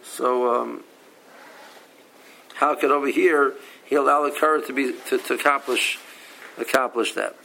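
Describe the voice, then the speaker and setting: A man leads a casual Talmud class. His voice has a gravelly edge, and he reads each line before explaining it plainly, often stopping to restart a phrase. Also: medium pitch, steady tone, a little slow, pauses often, sharp tone, a little hiss or hum, rough recording. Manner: reads Aramaic text then explains in English, with frequent restarts. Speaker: Talmud teacher.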